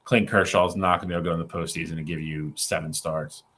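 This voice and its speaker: A man's voice: deep voice, steady tone, racing, a bit bright. A man co-hosting a sports podcast, talking in a blunt, matter-of-fact way. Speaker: podcast co-host. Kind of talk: casual sports podcast talk.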